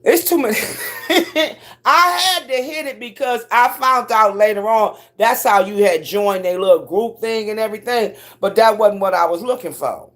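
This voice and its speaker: A middle-aged woman telling stories on a casual livestream, cursing freely and leaping up in pitch when she acts out what people said. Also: moderate pace, hardly any pauses. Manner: profane, animated storyteller who swoops up high for quoted voices. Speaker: live streamer.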